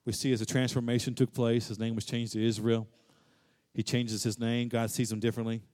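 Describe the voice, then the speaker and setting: A man preaching a sermon, rising to loud high peaks and dropping to quiet, low stretches, and repeating phrases for emphasis. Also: level tone, a little fast. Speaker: pastor.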